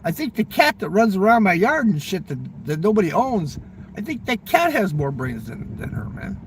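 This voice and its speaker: A man with a smoker's rasp, rambling through a profane political rant. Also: high voice, sing-song, normal speed, distant mic, slight background noise. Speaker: vlogger.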